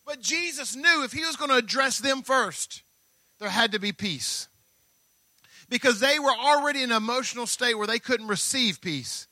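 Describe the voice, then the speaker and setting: A male pastor delivering a sermon in a high, bright, sharp voice. His preaching is emphatic and leans on repeated phrases. The sound is close and dry. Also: expressive, normal speed, dry recording.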